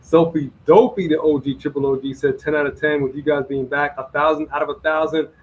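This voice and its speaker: A man's voice: a little high, flat delivery, fairly quick, breathy edge, lo-fi sound. A man co-hosting a casual live stream, playfully reading out viewers' ratings and chatting with his co-host.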